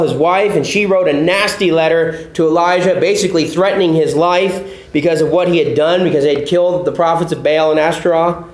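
A man's voice: sits high, reverberant, low-quality recording. A male pastor teaching a sermon, explaining a text step by step, repeating key points and putting questions to his listeners.

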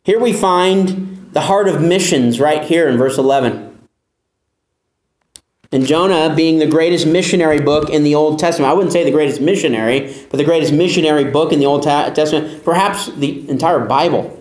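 A man's voice: a little high, moderate pace, darkish tone, roomy sound. A man preaching a sermon as pastor, emphatic, asking the listeners pointed rhetorical questions.

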